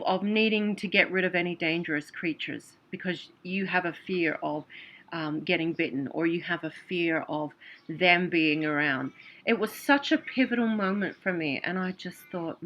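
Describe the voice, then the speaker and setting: Earnest woman, bright tense voice. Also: medium pitch. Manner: earnest, repetitive, emotional. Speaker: vlogger and clairvoyant. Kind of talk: casual spoken storytelling.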